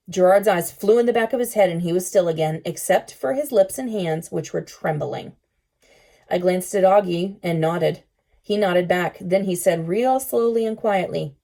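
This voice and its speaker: A woman teacher reading a children's novel aloud to her students in a calm, expressive way. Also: fairly low pitch, moderate pace, gravelly.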